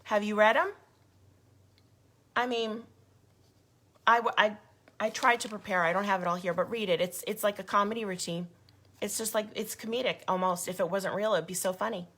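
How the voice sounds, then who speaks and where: In a mid-range voice with fairly even intonation, she speaks at normal speed but pauses often, her tone bright and forceful. She's a grassroots group leader giving followers a passionate, indignant video update, emphatic and repetitive.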